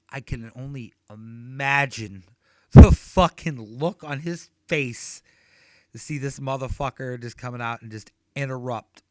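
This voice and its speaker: A man's voice: mid-range voice, a little mellow, dry recording. A man in his thirties doing a stand-up set, telling rambling, profane stories. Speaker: stand-up comedian.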